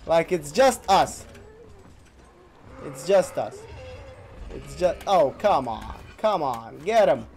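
A man's voice: a little high, expressive, slow, long pauses, a little mellow. A male gaming streamer commentating on gameplay, breaking into helpless hysterical laughter to the point of tears and swearing as he talks.

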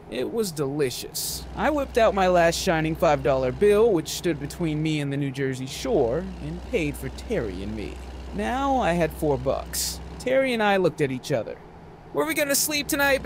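Guy reading a novel out loud, high voice, lots of up and down, faint hiss behind. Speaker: audiobook narrator. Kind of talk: narrating a novel aloud.

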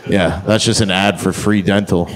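A man's voice: deep voice, steady tone, moderate pace, heavy background noise. A man performing a crude, brash stand-up comedy set on a theatre stage. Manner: crude, brash punchline delivery.

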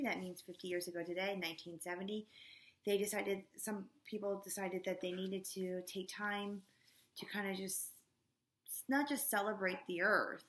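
Chatty teacher reading aloud in an echoey room. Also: female voice, mid-range voice, a bit bright. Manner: casual, chatty asides to the class. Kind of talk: reading a storybook aloud to students.

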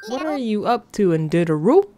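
A woman's voice: medium pitch, sing-song, normal speed, natural voice. A woman reading out the lines of a cheerful male villager sheep from a cartoon game. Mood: upbeat. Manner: upbeat read-aloud game dialogue.

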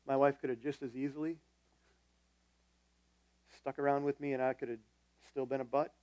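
A man's voice: medium pitch, little pitch movement, moderate pace, warm tone, clear, resonant tone, dry recording. Conversational male pastor with a dry sound. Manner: conversational storytelling, self-deprecating. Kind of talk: sermon.

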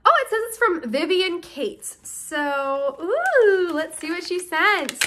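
A woman's voice: very high voice, expressive, measured pace, noisy background. A woman in her early twenties, chatting bubbly and gushing as she opens and reads fan mail aloud in a casual vlog. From United States. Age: early 20s. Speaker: YouTuber opening fan mail.

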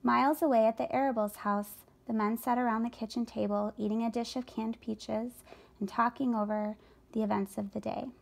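A woman reading a children's book aloud for a school, calm and even. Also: a little high, moderate pace, creaky. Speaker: story reader for a school. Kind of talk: read-aloud storytelling.

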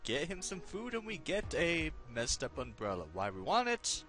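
A man's voice: on the high side, wildly swooping pitch, normal speed, sharp tone, faint music behind. Laid-back man chatting over a game. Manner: laid-back and chuckling, with restarts. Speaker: let's play commentator. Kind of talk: casual gameplay commentary.

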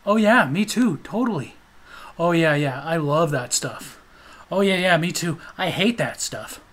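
A man's voice: fairly high pitch, lively intonation, a little slow, fairly bright tone. A man voicing a nervous, eager-to-please teenage boy who stammers and agrees with everything.

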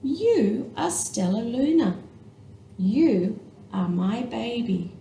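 A woman voicing a tender, caring mother bat in a storybook read-aloud, with a soft, gentle delivery. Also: a little high, animated, takes it slowly, creaky, echoey room, a little hiss or hum, heavily acted.

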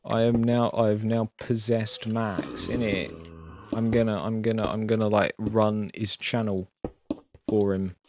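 A man's voice: on the low side, fairly even intonation, a little slow, darkish tone, slight background noise. A man voicing an exaggerated mock-British man who playfully claims to possess the streamer. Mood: mischievous.

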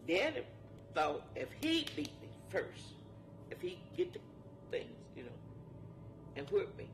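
Brief: older woman, rough gravelly tone, plain testimony in dialect. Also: fairly low pitch, noisy background. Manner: dialect speech with emphatic repetition. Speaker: interviewee. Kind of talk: personal testimony. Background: music.

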